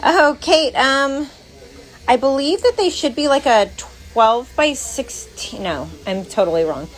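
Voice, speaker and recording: A woman's voice: high voice, lively intonation, a little slow, low-quality recording. Blunt woman chatting on a livestream. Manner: blunt, swears, reads viewer comments aloud. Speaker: livestream co-host. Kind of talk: casual livestream chat.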